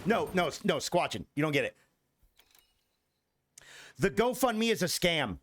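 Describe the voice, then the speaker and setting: A man's voice: sits high, sing-song, a little slow, a bit bright. A young man streaming a video game, swearing freely and talking back to his chat with exasperation. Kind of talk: casual gameplay commentary.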